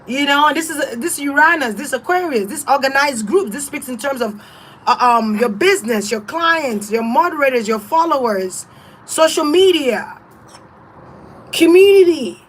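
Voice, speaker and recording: A woman's voice: sits high, animated, normal speed, slight background noise. Blunt, profane woman tarot reader. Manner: blunt, profane and defiant, laughs often. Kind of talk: casual livestream rant.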